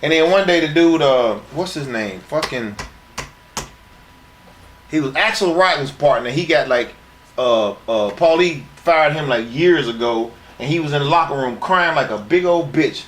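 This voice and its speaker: In a fairly high, expressive voice at a moderate pace, a middle-aged former wrestler recounts crude, brash tales from his career during a sit-down shoot interview. He plays out the other people's lines himself.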